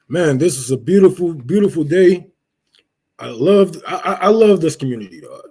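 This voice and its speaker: A young man hosting a casual livestream, cursing loudly and laughing as he rants and thanks donors. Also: fairly high pitch, expressive, unhurried, long pauses, slightly rough. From Detroit. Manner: profane, loud, laughing rants. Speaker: livestream host.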